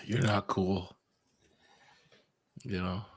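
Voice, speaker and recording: A man's voice: deep voice, fairly even intonation, drawn-out words, husky. A man co-hosting a home tech podcast, joking around in laid-back casual chat. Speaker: podcast co-host.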